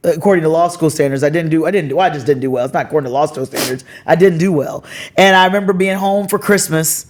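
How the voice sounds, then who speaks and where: A middle-aged woman hosting a casual, heartfelt conversation, telling stories with animated swings in her voice. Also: fast. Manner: animated storytelling, expressive pitch swings. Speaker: podcast host.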